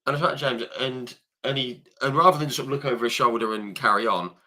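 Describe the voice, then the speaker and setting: A man's voice: mid-range voice, brisk, bright, forceful tone, slight background noise. A man hosting a podcast, chatty and storytelling, acting out what people said to him. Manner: chatty storyteller, acts out quoted dialogue. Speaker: podcast host. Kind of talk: casual podcast chat.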